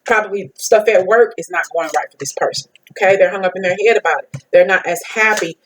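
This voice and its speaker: A woman's voice: mid-range voice, fairly quick, a little hiss or hum, rough recording. A woman giving a casual tarot card reading, talking bluntly and repetitively and swearing freely. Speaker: tarot reader and psychic medium.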